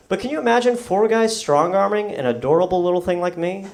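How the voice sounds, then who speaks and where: A young man from the New York area doing a stand-up comedy set, telling a story in a deadpan way with animated quoted voices, on a comedy club stage. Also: high-pitched, moderate pace, vocal fry, a crowd in the background.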